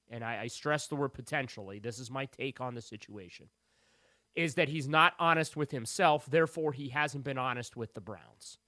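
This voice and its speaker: A man's voice: medium pitch, moderate pace, pushed and bright, dry recording, clean studio sound. A man on a sports radio show as the beat reporter guest, talking in rambling, emphatic runs full of restarts.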